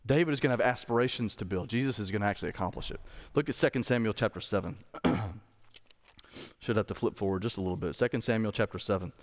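A man's voice: lowish voice, fast. A man preaching a sermon as pastor, conversational, asking the congregation rhetorical questions. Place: church sanctuary. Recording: long reverb of a hall.

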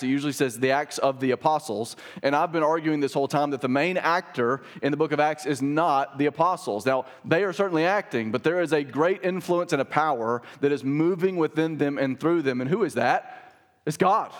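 A man preaching a sermon as pastor, earnest and emphatic, pushing up on stressed key words. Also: on the high side. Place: church sanctuary.

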